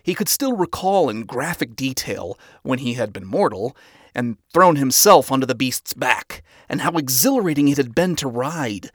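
Man, fan fiction narrator, steady reading, middle pitch, dry sound. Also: dry recording.

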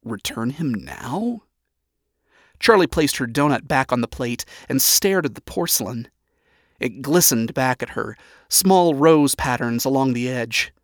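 A man giving a steady, even reading as the narrator of a story. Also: mid-range voice, moderate pace, dry recording, studio quality.

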